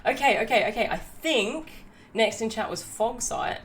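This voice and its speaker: A woman's voice: a little high, expressive, normal speed, a little hiss or hum. A woman hosting a live stream, bubbly and chatty as she greets viewers and narrates community stories. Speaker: livestreamer.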